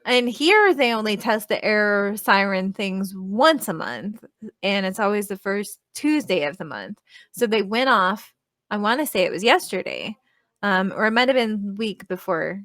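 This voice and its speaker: A woman's voice: medium pitch, animated, a little slow, a bit bright, dry recording, clean studio sound. A woman in her thirties telling a story in casual chat, rambling, swearing and filling her talk with "like.". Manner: rambling, profane, full of "like" fillers.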